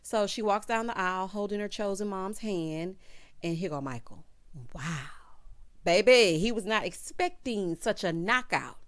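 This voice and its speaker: Sassy, expressive woman recapping TV. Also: mid-range voice, moderate pace. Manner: sassy, expressive, calls viewers child and honey. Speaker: reality show recap host. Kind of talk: casual recap commentary.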